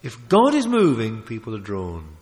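Animated preacher in a reverberant hall. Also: male voice, fairly low pitch, normal speed. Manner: animated, emphatic, with frequent restarts and asides. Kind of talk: sermon. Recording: long reverb of a large hall.

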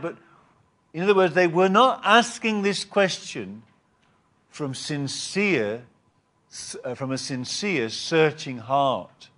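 A man preaching a Bible teaching sermon, reading scripture and explaining it with emphatic rises and pauses. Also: fairly high pitch, fairly bright tone. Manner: reads scripture aloud and repeats words.

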